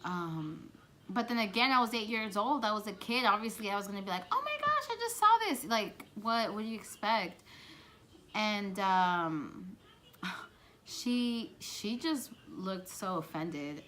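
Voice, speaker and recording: Young adult woman, storytime vlogger, bright low-ish voice, animated and chatty, faint room noise. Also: measured pace. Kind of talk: storytime vlog.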